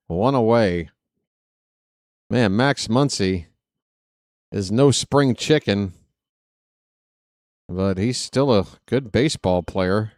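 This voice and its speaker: A man's voice: lowish voice, slow, long pauses, a little mellow, dry recording, studio quality. A man calling a ballgame play-by-play on a fan live stream, chatty, joking and fussy.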